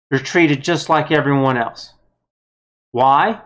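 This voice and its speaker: A woman's voice: lowish voice, lively intonation, measured pace. A woman giving a blunt, heated political opinion monologue, with some mild swearing. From United States. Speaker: vlogger.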